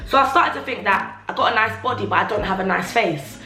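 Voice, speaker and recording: A woman's voice: mid-range voice, a little fast, pushed and bright. A young woman talking casually to her vlog audience, full of fillers and acting out things people said to her. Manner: chatty, filler-heavy, acts out remembered remarks. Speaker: vlogger. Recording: roomy echo, faint music.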